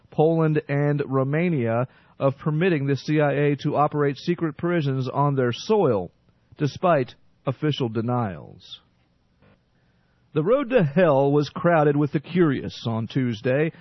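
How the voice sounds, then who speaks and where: A man reading the news on radio in a steady, formal, scripted delivery. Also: fairly high pitch, no echo. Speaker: radio newsreader. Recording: dry, slightly muffled radio.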